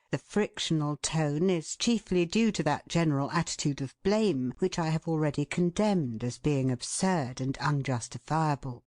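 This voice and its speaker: Low-voiced woman narrating with lively expression. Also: no echo, clean studio sound. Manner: expressive, shifts tone for quoted speech. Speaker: audiobook narrator. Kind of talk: scripted narration.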